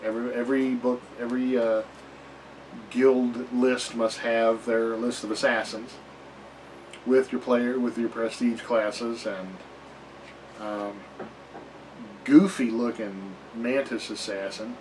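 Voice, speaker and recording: Male reviewer, mid pitch, slow and rambling, dry wry asides, sits a bit off-mic with faint room noise. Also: level tone, a little mellow, distant mic, poor audio. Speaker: reviewer of tabletop game books. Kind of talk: casual book review.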